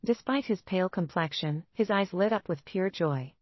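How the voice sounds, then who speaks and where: A woman giving scripted romance narration in an even, steady reading. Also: on the low side, moderate pace, dry recording, lo-fi sound.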